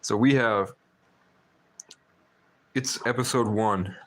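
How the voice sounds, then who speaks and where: A man's voice: fairly low pitch, fairly even intonation, slow, a bit bright. A man hosting a live stream, telling a long story in a rambling, talkative way full of fillers. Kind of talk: casual storytelling chat.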